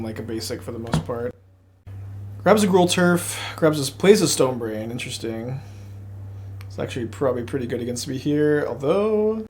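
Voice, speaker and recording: A man with a Texas accent talks through his online card game as he plays. He thinks aloud in a rambling, excitable way, jumping between plays and side thoughts. His voice reaches a desk mic in casual gameplay commentary. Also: medium pitch.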